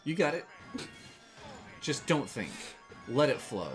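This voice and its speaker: A man's voice: medium pitch, very animated, slow pace. An American man co-hosting a casual gameplay stream, joking, reading chat aloud and repeating words. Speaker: streamer co-host. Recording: game music behind the voice. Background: game music.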